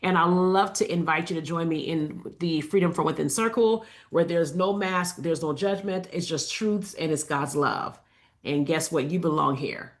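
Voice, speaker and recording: Addressing her viewers directly, a woman working as a faith-based life coach gives a relaxed inspirational talk in a somewhat low voice. Fillers and asides keep it conversational, and she eases her pace to repeat the main points.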